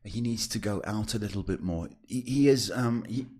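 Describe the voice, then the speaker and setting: A man hosting a live psychic reading podcast, talking in a reassuring, chatty way with drawn-out emphasis and many fillers. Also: on the low side, darkish tone. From South Africa. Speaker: psychic host.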